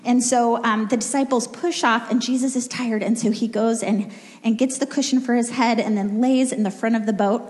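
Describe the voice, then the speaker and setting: A woman's voice: fairly high pitch, normal speed. Woman telling a story in a reverberant hall. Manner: relaxed storytelling with fillers. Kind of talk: sermon. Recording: long reverb of a large hall.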